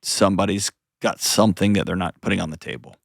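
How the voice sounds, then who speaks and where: Low-voiced man coaching a caller. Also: steady tone, quick pace, creaky, dry recording, clean studio sound. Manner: earnest, gently coaching, often restarts sentences. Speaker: host. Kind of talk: advice call-in show.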